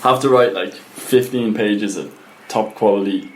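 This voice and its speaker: A man's voice: fairly low pitch, unhurried, darkish tone. A laid-back young Irish man chats casually as podcast co-host, often with short replies. The room is echoey and a faint hiss sits under his voice. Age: young adult. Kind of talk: casual chat.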